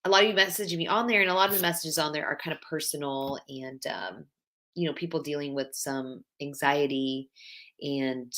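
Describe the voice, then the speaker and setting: A woman's voice: sits low, a little fast, a bit bright. A woman in her thirties hosting a live stream, talking in a chatty, heartfelt way and greeting viewers by name. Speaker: livestream host. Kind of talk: casual live-stream chat.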